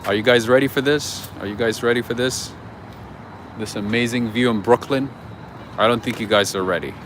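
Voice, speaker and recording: Out on a city street with traffic in the background, a man hosts a laid-back livestream, greeting viewers by name as he chats. His voice is medium-pitched and fairly bright, at a moderate pace.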